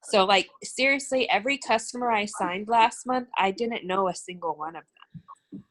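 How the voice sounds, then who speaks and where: A woman talks casually as a guest on a video call, full of "like" and "um" and quick to laugh. She talks about leading her team in a relaxed, conversational way. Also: medium pitch, poor audio. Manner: chatty, filler-heavy, laughs easily.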